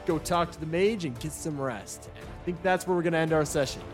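A man's voice: a little high, brisk, loud music behind the voice. A man acting as game master, casually wrapping up a tabletop session with small hesitations.

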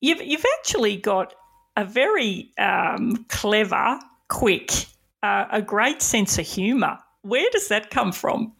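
A woman hosting an interview speaks at an unhurried pace. Her voice has a gravelly fry to it, and she prompts her guest warmly with short questions. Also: medium pitch, animated. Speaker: host.

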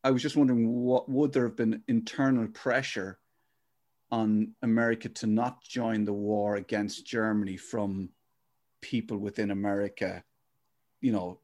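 A man's voice: on the low side, darkish tone. An Irish man hosting a podcast, rambling and wondering aloud in casual chat with jokes. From Ireland. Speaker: podcast host.

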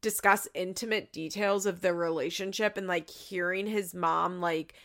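Sarcastic lady rambling thru a show recap, lots of "like", some swearing, a bit of vocal fry. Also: fairly low pitch, steady tone, normal speed, fairly bright tone. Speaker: reality TV recapper. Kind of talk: casual recap chat.

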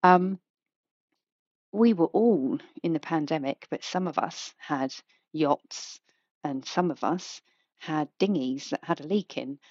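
Lady rambling on her podcast, lowish voice, kinda dull dry mic sound. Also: takes it slowly, a little mellow, dry recording. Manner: chatty and rambling, frank, with fillers and asides. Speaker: podcast host. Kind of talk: casual solo podcast chat.

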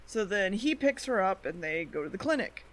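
A woman co-hosting a podcast, casually recapping anime episodes in a chatty way, full of "like" and "um" and quick quoted asides. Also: mid-range voice, lively intonation. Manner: chatty, quoting characters in quick asides, lots of "like" and "um". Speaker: podcast co-host.

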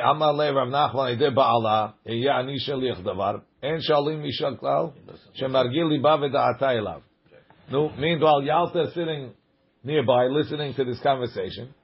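A man's voice: mid-range voice, slightly rough, muffled recording. A man teaching a Talmud class, reading the Aramaic text aloud and explaining it in casual English.

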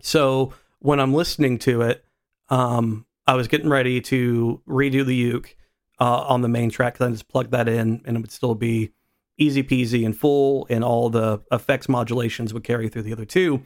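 A man's voice: medium pitch, steady tone, moderate pace. Rambling man co-hosting a podcast. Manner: rambling, self-deprecating, many restarts. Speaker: podcast co-host. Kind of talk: casual chat.

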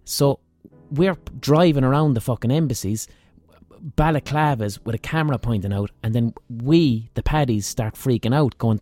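A man's voice: medium pitch, normal speed, a little mellow, dry recording. An Irish man hosting a podcast, telling a rambling, profane, self-mocking story in a casual monologue. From Ireland. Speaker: podcast host.

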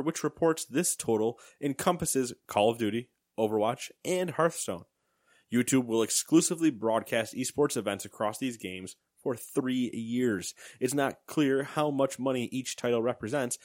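A young man with a mid-range voice co-hosts a casual gaming podcast, rambling and cracking jokes with sarcastic asides and the occasional hiccup. The recording is dry and studio quality.

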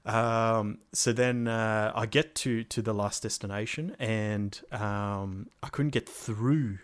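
A man's voice: on the low side, fairly even intonation, slow, clear, resonant tone. A young man telling a rambling, sweary gaming story in casual chat, slipping into jokey voices.

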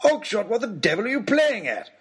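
Man doing a stern aristocratic lord, high raised voice, clipped commands, husky. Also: big pitch swings, fairly quick, exaggerated voice. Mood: exasperated commanding. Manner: barking orders, clipped and commanding.

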